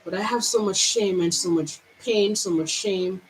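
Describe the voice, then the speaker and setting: A woman vlogger with a Jamaican accent, pouring out her feelings in a halting personal monologue full of restarts. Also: medium pitch, slight background noise, rough recording.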